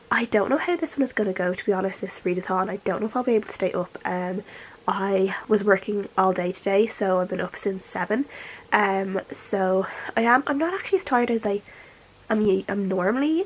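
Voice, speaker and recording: A woman's voice: mid-range voice, breathy edge, rough recording. A young woman with a stuffy nose from a cold, chatting casually in a book vlog from her room, with lots of ums and uhs. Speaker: book vlogger. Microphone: camera.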